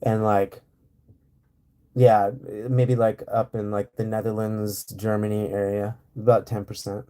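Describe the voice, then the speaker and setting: A man's voice: fairly low pitch, flat delivery, a little slow, warm tone. A man chatting casually and rambling on a live stream from home, with lots of fillers and easy laughter. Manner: rambling, laid-back, laughs often, many fillers. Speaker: livestream host. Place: home in rural area.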